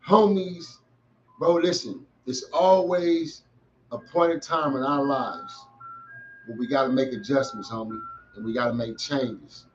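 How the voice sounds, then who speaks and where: A man's voice: mid-range voice, lo-fi sound, a little hiss or hum. Preachy middle-aged man, street slang. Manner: emphatic, preachy, heavy street slang, calls listeners bro and homie. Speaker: podcast host. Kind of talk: motivational monologue to young listeners.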